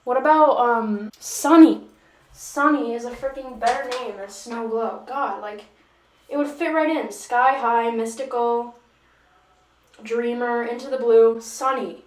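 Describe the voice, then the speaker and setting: A woman with a fairly high, steady voice talks a little slowly as she works through a makeup tutorial. This beauty vlogger rambles, pokes fun at herself, and tosses in joking asides, all in an echoey room.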